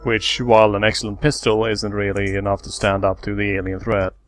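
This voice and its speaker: A man hosting a let's play, calmly explaining game mechanics step by step in casual commentary. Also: fairly low pitch, a little fast.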